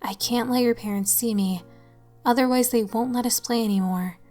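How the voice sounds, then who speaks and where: A sly, friendly clown spirit, voiced by a woman reader speaks in a gentle, coaxing way in a spoken horror tale. Faint music plays underneath. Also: on the high side, moderate pace, lightly acted. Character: male cosmic clown entity, sly and friendly.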